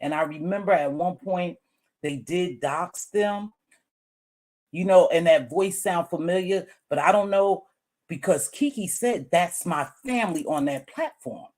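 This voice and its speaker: Low-voiced woman musing over drama. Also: a little slow, a little mellow. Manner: chatty, musing, repeats herself; chewing gum while talking. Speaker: YouTube commentator. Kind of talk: casual commentary monologue.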